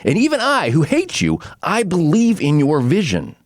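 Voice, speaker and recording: A man's voice: fairly high pitch, huge pitch swings, normal speed, dry recording, studio quality, voice pushed up. A man acting out a bitter, resentful young outlaw who is the hero's stepbrother, speaking raised and intense.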